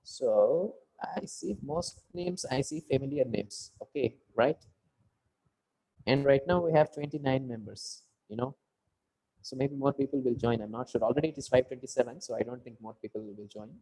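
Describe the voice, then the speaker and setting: A man's voice: medium pitch, normal speed, dark tone, rough recording. Indian English man coaching on a video call. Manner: explanatory, repeats "you know" and "okay, right". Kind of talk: online class feedback.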